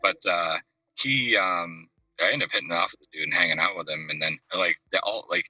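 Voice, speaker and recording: A fast-talking man with a low, husky voice tells a rambling story and slips into the voices of the people in it. His voice is bright and swings widely in pitch. He sits back from the mic on a dry video call. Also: no echo, recorded from a distance, low-quality recording. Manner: rambling anecdotes, acts out the voices of the people in them. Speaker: caller. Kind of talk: casual storytelling.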